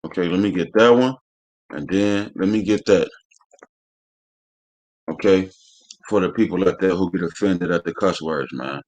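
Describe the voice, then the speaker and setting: A man's voice: deep voice, normal speed, pauses often, a little mellow. Guy preaching scripture on a live stream, heated and cussing, keeps saying man. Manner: heated, profane, preachy, leans on "man" at phrase ends. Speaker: religious teacher.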